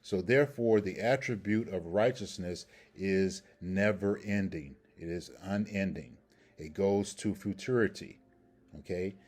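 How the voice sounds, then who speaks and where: A man teaching a scripture language lesson in a deliberate, explanatory way, often checking in with his listeners. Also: sits low, a little mellow. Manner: deliberate, explanatory, checks in with "okay?" and "all right?". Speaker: Hebrew grammar teacher.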